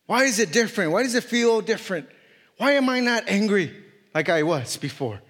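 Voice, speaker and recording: In a church hall, a man with a non-native English accent preaches a sermon in a high, sing-song voice, fairly quick and a bit bright. He reads scripture aloud, then drives his points home with repetition and rising emphasis, joking self-consciously about his accent. A long hall reverb colors the recording.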